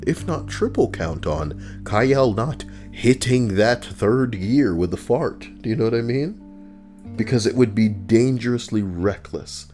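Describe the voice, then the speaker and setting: Lively goofy male streamer. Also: on the low side. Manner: goofy, joking and rambling. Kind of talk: casual stream chat.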